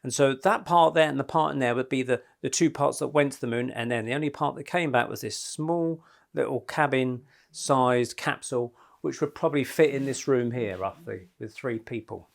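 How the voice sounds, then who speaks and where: A man's voice: mid-range voice, moderate pace, vocal fry. A middle-aged man presenting a rambling, chatty talk to a small group in a house. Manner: rambling, chatty, with many fillers.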